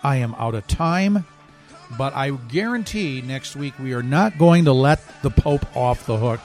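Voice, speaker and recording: A man's voice: medium pitch, lively intonation, unhurried, a little mellow, faint music behind. A man hosting a talk radio show, delivering a fervent, emphatic political monologue with a preachy edge, a bit out of breath.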